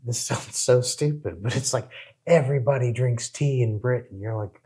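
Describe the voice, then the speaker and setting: Husky-voiced American man, rambling chat. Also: mid-range voice, normal speed. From United States. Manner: rambling, animated, many fillers and restarts. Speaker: reaction video host. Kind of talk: casual chat.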